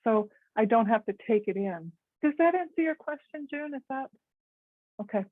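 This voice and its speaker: An American woman giving a gentle, thoughtful talk on conflict resolution to a meditation group, with many pauses and ums. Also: a little high, expressive, dry recording, phone-quality sound. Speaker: guest speaker on conflict resolution.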